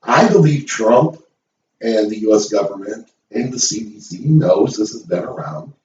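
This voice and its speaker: A man's voice: lowish voice, expressive, moderate pace, darkish tone, a little hiss or hum. A middle-aged man hosting his own show, ranting to the camera in a blunt, profane, emphatic way. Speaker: host. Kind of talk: opinion rant to camera. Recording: roomy, distant, dull sound.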